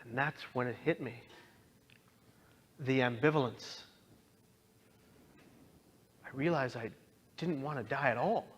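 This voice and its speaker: A man telling his own story as a dramatic testimony, impassioned and pleading, swinging from hushed lines to loud outbursts. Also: mid-range voice, takes it slowly, long pauses, breathy edge. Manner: pleading, directly addresses listeners. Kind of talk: dramatic personal testimony talk.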